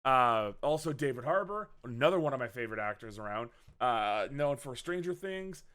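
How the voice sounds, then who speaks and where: A man's voice: medium pitch, lively intonation, moderate pace, a bit bright, clear, resonant tone. A man co-hosting a casual movie review chat, rambling with lots of fillers, self-corrections and swearing. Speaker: podcast co-host.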